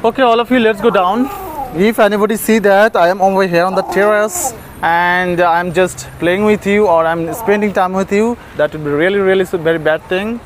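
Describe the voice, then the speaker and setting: A man's voice: high voice, steady tone, normal speed. A man vlogging as he feeds stray dogs outside, coaxing them with affectionate baby talk and frequent laughs. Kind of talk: casual vlog talk to dogs. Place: outdoors, terrace and stairs in a city. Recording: noisy outdoor street recording.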